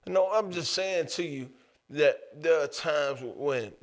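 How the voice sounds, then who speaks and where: Male co-host with a somewhat high voice, blunt and profane, takes his time. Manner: blunt, profane, drawn-out musing. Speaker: podcast co-host. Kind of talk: casual podcast chat.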